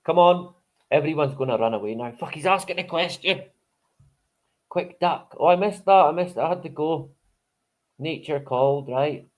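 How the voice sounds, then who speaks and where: A man's voice: fairly high pitch, moderate pace. A man hosting a live stream in casual chat, rambling, swearing freely and chuckling often.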